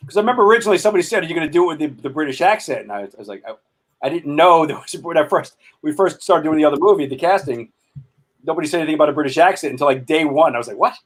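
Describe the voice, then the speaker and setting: Male guest, husky voice, quick joking delivery. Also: a little high, lively intonation. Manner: quick, jokey, self-deprecating. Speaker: guest actor. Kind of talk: casual interview chat.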